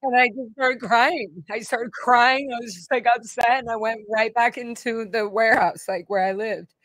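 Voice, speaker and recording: A woman's voice: on the high side, normal speed, a bit bright, dry recording, poor audio. A woman hosting her own vlog, telling a personal story in a rambling, emotional way with many fillers and restarts. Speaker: vlog host.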